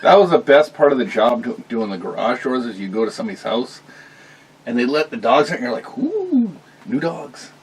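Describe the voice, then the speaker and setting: A man's voice: mid-range voice, lively intonation, fast talker, breathy edge, recorded from a distance, poor audio. A man bantering on a podcast, cussing and throwing in punchlines. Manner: joking, cussing, interrupting with punchlines. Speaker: podcast co-host. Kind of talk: casual banter.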